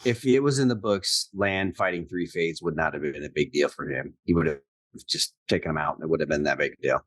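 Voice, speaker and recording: A man co-hosting a podcast in casual chat, relaxed as he explains details from the books. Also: extremely low pitch, fairly quick, no echo. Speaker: podcast co-host.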